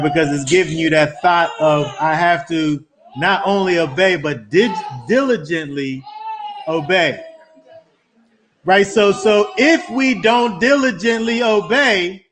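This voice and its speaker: A man's voice: high voice, a bit bright, a little hiss or hum. A man teaching a Bible study to a small group, talking conversationally and repeating words as he builds emphasis.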